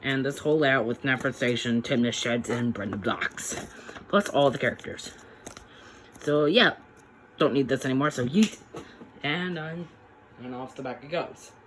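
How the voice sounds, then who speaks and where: A man's voice: medium pitch, normal speed, long pauses, fairly bright tone, slight background noise. A man casually reviewing a toy train set, chatty and rambling with frequent restarts.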